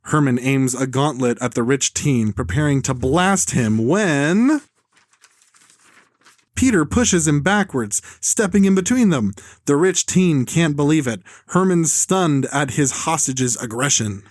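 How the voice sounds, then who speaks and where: A man's voice: on the high side, expressive, a little slow, dry recording, clean studio sound. Sarcastic man reading a screenplay. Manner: sarcastic, critical. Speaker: podcast host. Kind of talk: casual chat, reading a screenplay aloud.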